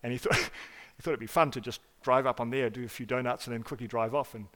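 A man preaching a sermon as pastor, earnest and emphatic, often restarting words and swinging between loud stresses and quiet asides. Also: medium pitch, fairly even intonation, quick pace. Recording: hall reverb.

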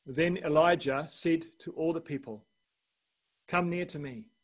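A man's voice: on the high side, measured pace. A man preaching a sermon, reading a long scripture passage aloud and lifting his voice for the quoted speech.

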